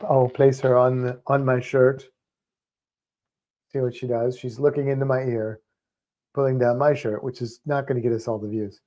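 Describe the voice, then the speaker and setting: A man co-hosting a livestream, chatting casually and rambling with fillers. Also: mid-range voice. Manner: relaxed, rambling, halting with fillers. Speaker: livestream co-host. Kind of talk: casual chat.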